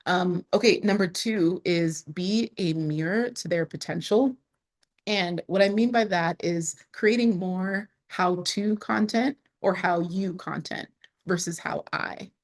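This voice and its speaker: A woman's voice: fairly low pitch, slow. A woman speaking to camera in a casual vlog about her online business, chatty, with frequent laughs and restarts.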